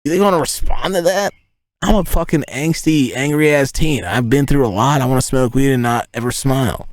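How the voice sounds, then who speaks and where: A man's voice: medium pitch, a little fast, no echo. A man in his thirties chatting casually on a livestream, telling rambling stories full of swearing. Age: 30s. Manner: profane, rambling, animated storytelling. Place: inside a tent.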